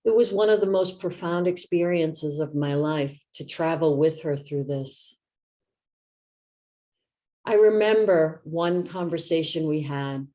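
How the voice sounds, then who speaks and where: A woman in her fifties, a meditation teacher, giving a reflective talk in a gentle, soft-spoken way. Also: sits low, unhurried.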